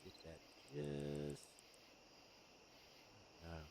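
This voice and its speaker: A man's voice: sits low, very animated, extremely slow, vocal fry, background noise. A man streaming a game, chatting casually and joking as he plays. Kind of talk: casual gameplay commentary. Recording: voice over game music.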